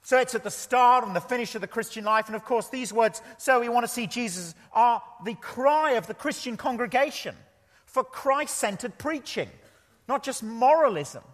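Male preacher, earnest and emphatic, higher-pitched voice, in a reverberant church hall. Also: animated, moderate pace, a bit bright. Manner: earnest, emphatic, repeats key phrases. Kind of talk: sermon. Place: church pulpit.

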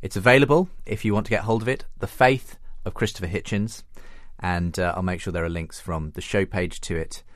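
A man's voice: low-pitched, steady tone, fairly quick, hardly any pauses, dry recording, clean studio sound. A man hosting a radio interview, giving brief affirmations and a polished sign-off. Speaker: radio show host. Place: studio.

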